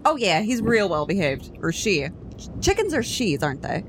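A woman's voice: medium pitch, sing-song, normal speed, a little hiss or hum. A woman playing a tabletop game, chatty and a little unsure. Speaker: player. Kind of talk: casual tabletop play.

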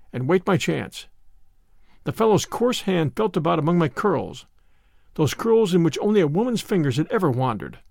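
A man narrating an audiobook in a dramatic, expressive first-person storytelling style. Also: fairly high pitch, vocal fry, no echo, studio quality. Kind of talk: scripted narration.

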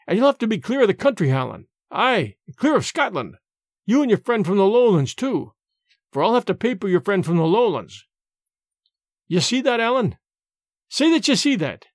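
A desperate Highland man, voiced by a male reader, pleads with earnest urgency in a storybook reading. The voice rises high and swings widely in pitch. The sound is dry and close. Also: big pitch swings, normal speed, no room sound, full character voice. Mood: pleading.

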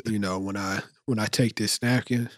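A father co-hosting a casual podcast, easygoing and quick to chime in. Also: fairly low pitch, steady tone, no room sound, studio quality. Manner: easygoing, chiming in with short replies. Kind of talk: casual chat.

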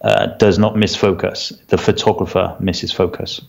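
A man's voice: low voice, flat delivery, moderate pace, creaky. A man co-hosting a photography podcast, explaining at length in casual chat with plenty of fillers and a firm opinion. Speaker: podcast co-host.

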